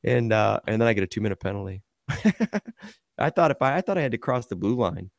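A man with a fairly low voice talks through a casual sports podcast, spinning loose, rambling stories from his time in goal and chuckling along the way. The sound is dry and close, with no room around it. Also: animated, quick pace, vocal fry, no echo. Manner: rambling storyteller, laughs through his anecdotes. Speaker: podcast host and rec-league goalie.

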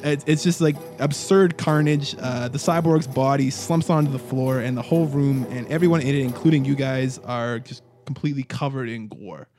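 A man's voice: mid-range voice, moderate pace, hardly any pauses, over music. A man narrating as game master of a tabletop role-playing game, casual and rambling with many fillers.

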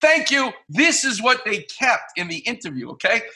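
Bright-voiced man telling animated stories. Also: sits high, moderate pace. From New York. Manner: animated anecdote-telling, acts out quoted voices. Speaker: guest, orthopedic surgeon and radio host. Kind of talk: podcast interview storytelling.

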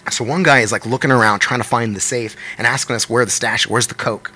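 A man's voice: medium pitch, fast. A man in his thirties, a touring musician and podcast guest, telling a story in casual chat with lots of swearing and acted-out quotes. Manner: animated, profane, acts out quotes.

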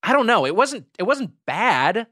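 Lively, bright-voiced male podcast host. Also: high voice, dry recording, studio quality. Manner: halting, restarts often, laughs a lot. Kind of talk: casual food review chat.

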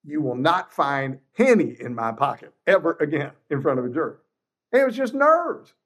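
A man's voice: a little high, normal speed. A man in his sixties, a trial lawyer guest, telling courtroom stories bluntly and acting out quotes. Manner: animated, blunt, salty, acts out courtroom quotes. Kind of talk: casual interview storytelling.

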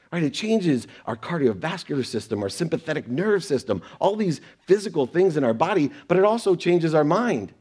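A middle-aged man with a slightly mellow, higher-than-average voice gives an earnest motivational talk. He shares personal lessons through a story of his own, acting out the exchanges in it.

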